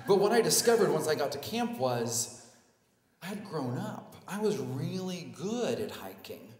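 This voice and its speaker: A man telling a personal story live on stage, animated and self-mocking, acting out the scenes. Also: a little high, unhurried. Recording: echoey hall, live stage.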